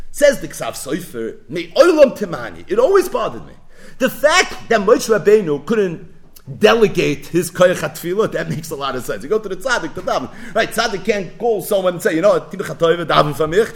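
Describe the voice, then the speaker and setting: A man teaching a Torah class, animated and full of Yiddish and Hebrew terms. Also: sits high, fairly quick, creaky.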